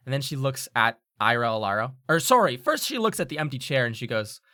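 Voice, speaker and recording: A game master narrating a tabletop game, loose and laughing between quick asides. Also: mid-range voice, very animated, sharp tone, dry recording, studio quality.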